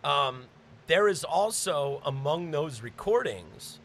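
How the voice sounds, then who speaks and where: A man hosting a casual podcast, telling stories with animated, swearing energy. His voice is high and bright, and it swings widely in pitch. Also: takes it slowly, a little hiss or hum. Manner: animated, swearing, laughing storyteller. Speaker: podcast host. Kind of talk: casual chat, storytelling.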